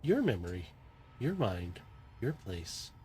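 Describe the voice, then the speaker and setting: A small, curious female caracal creature speaks in a soft, musing, gently reassuring voice, as a man puts her on. She sounds calm and unhurried, like a mysterious guide in a game. There is a faint hiss behind her. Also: lowish voice, pitched below the performer's own voice.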